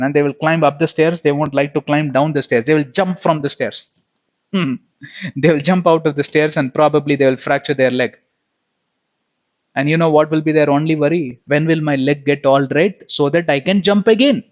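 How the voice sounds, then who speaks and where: A man's voice: steady tone, a little fast. A man teaching a Bible lesson in sermon style, talking emphatically with rhetorical questions and repeated phrases. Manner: emphatic, rises in pitch and volume when stressing points. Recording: dull lo-fi recording.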